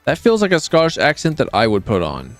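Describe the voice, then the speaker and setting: A man's voice: medium pitch, huge pitch swings, a little fast, no echo, faint music behind. A man streaming a video game, giving rambling, sarcastic commentary with frequent restarts. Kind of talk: casual gameplay commentary.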